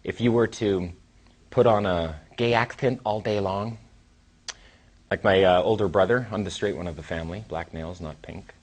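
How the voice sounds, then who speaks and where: A man in his thirties giving a casual, rambling seminar talk as a trainer, with sighs and long pauses. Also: sits low. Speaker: dating coach and trainer.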